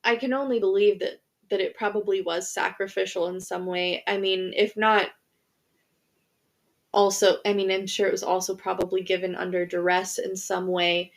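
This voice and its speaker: A woman's voice: medium pitch, level tone, normal speed, vocal fry. A young woman co-hosting a podcast, retelling a history story in casual chat with lots of fillers and restarts. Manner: chatty, many fillers and restarts, laughs easily. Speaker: podcast co-host.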